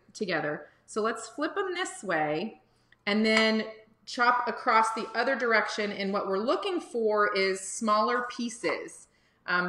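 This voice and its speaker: A woman's voice: a little high, pushed and bright, echoey room. A woman hosting a live cooking lesson for kids from a home kitchen, chatty and encouraging as she talks to viewers. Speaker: cooking teacher and livestream host. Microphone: phone or camera on livestream.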